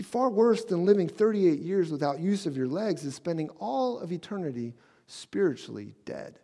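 A man preaching a sermon as pastor in a conversational way, dropping soft and slow when he quotes scripture. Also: sits high.

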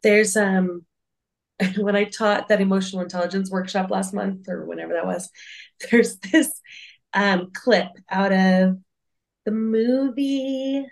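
Casting: mid-pitched woman, earnest and reflective, casual podcast chat, lots of "like". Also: steady tone, a little slow, creaky. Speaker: podcast co-host.

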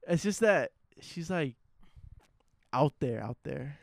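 A young man talks in a hesitant, rambling way, padding his sentences with fillers. His voice sits a bit higher than most men's. The sound is dry and close. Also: animated, slow, creaky, a little mellow, no echo. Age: young adult. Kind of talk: casual chat.

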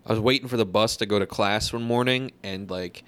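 A man's voice: lowish voice, fairly quick, fairly bright tone, clean tone. A man, co-hosting a casual podcast chat, cracking crude jokes and laughing often. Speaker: podcast co-host.

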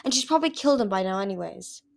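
A woman's voice: medium pitch, expressive, racing, gravelly. A woman reading a storybook aloud and voicing a fierce, exhausted young female ice dragon who snarls and spits her words. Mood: bitter. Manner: snarling, spitting, bitter. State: sleepless, wounded.

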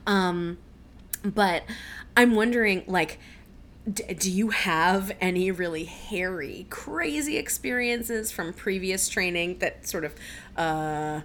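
A woman's voice: mid-range voice, expressive, takes it slowly, a bit bright. A woman hosting a casual interview, asking questions playfully and laughing along.

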